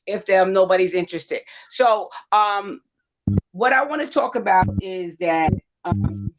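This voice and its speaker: A woman psychic on a livestream, talking gently and reassuringly, with many fillers as she tells a story. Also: medium pitch, sing-song, a little slow, faint music behind. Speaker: psychic panelist. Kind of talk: livestream talk. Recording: dull lo-fi livestream audio.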